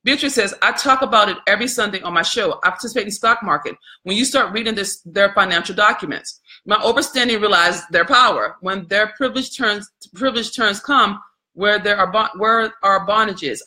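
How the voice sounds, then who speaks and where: A woman hosts an impassioned live stream, preaching with fervor in casual speech and reading viewer comments aloud between her points, all while addressing the audience as "y'all." Her voice is mid-range with a sharp tone, and she speaks fairly quickly.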